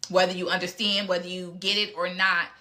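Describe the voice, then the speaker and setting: A woman talks straight and unfiltered as she answers questions from her audience. Her voice is bright and forceful. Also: on the low side, little pitch movement, a little fast. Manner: frank and blunt, with mild cursing. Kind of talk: casual live Q&A talk.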